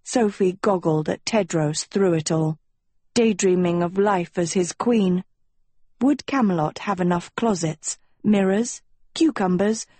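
A woman narrating a storybook in a measured, even way. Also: on the low side, husky, no room sound. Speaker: audiobook narrator. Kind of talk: scripted narration.

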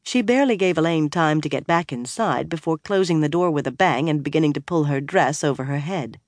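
Dry, measured audiobook narrator. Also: mid-range voice, no echo. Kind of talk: scripted fantasy audiobook narration.

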